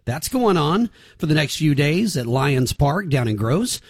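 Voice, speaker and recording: A man's voice: fairly high pitch, big pitch swings, measured pace, husky, dry recording. A man hosting a morning radio show in a folksy, chatty way, from a studio microphone. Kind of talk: casual radio chat.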